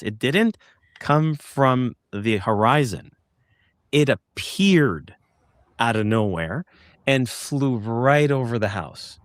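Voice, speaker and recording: A man recounting an experience as an interview guest, halting and searching for words with many restarts. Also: medium pitch, dry recording, clean studio sound. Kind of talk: casual storytelling in an interview.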